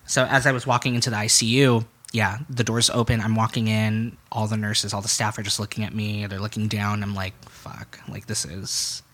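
A man's voice: on the low side, flat delivery, brisk, hardly any pauses, a bit bright. A young man telling a personal story as a podcast guest, speaking frankly, swearing freely and acting out what other people said. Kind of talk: candid conversational storytelling.

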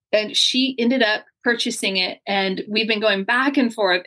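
A woman's voice: mid-range voice, fairly bright tone. A woman hosting a podcast, talking in an upbeat, effusive and chatty way as she introduces her guest. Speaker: podcast host. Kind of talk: enthusiastic interview intro. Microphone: video call.

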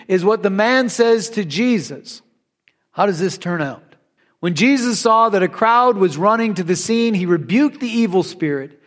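A male preacher giving a conversational sermon, reading scripture aloud and retelling it in an animated, storytelling way. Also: high-pitched, unhurried.

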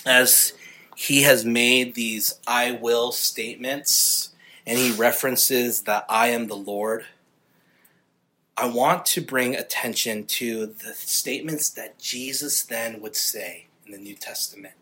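A male pastor preaching a sermon with earnest passion, growing louder and more fervent on key points. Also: mid-range voice, fairly even intonation, slow, a little hiss or hum.

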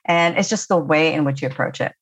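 A woman's voice: deep voice, fast talker. A woman guest on a business podcast, answering modestly about her speaking experience and laughing often. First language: not Japanese; speaks to Japanese audiences. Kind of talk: interview answers.

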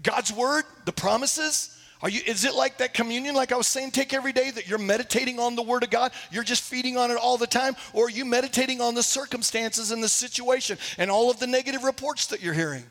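A man's voice: very high voice, quick pace, hardly any pauses, a bit bright, big-room sound. A man, a pastor, preaching a sermon and telling stories with acted quotes, in a church sanctuary.

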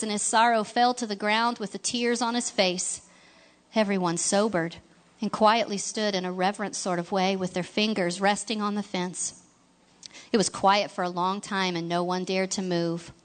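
Lady reading a storybook aloud, gentle, expressive, mid pitch. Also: moderate pace. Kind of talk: scripted storybook narration.

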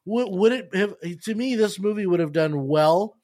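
A man's voice: sits high, expressive, moderate pace, darkish tone. A man hosting a casual film review chat, asking questions and often restarting his sentences. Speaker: podcast host.

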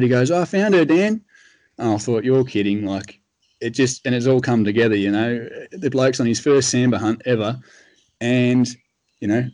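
Australian man, casual rambling storyteller, dry close sound, mid pitch. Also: a little mellow, no echo. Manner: laid-back, rambling, frequent fillers. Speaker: guest telling a hunting story.

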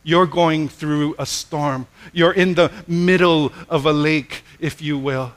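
A man preaching a sermon as pastor, retelling stories dramatically and dropping to a gentle hush on key phrases. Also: fairly high pitch, steady tone, slow pace, hardly any pauses. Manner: dramatic retelling, acts out voices in his stories.

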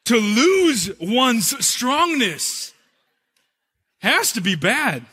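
Male pastor, animated storyteller, high husky voice, preaching a sermon. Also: drawn-out words. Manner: animated storyteller, humorous then earnest.

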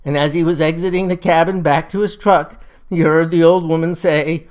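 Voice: mid-range voice, steady tone, moderate pace, darkish tone. A storyteller narrating a folksy tale in a wry, leisurely way. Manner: wry, leisurely yarn-spinning.

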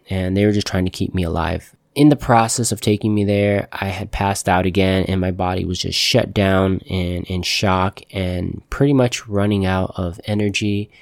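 A young man with a low, gravelly voice, recorded dry and close. He recounts his own story in halting casual speech. He restarts often and leans on fillers. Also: a little mellow, no room sound. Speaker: shooting survivor telling his story. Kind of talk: personal storytelling.

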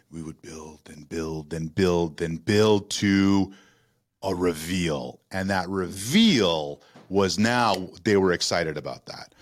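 Man host, very low voice, enthusiastic storyteller. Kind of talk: casual podcast conversation.

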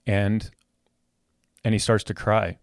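A man's voice: lowish voice, flat delivery, slow pace, dry recording, studio quality. A man hosting a podcast, telling a heartfelt personal story about his son with many restarts and repeated words. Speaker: podcast host.

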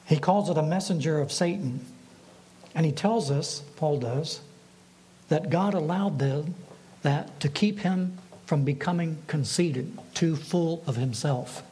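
A man, a pastor, preaching a sermon in a measured way and putting rhetorical questions to his congregation. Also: a little high, warm tone, slight background noise, low-quality recording.

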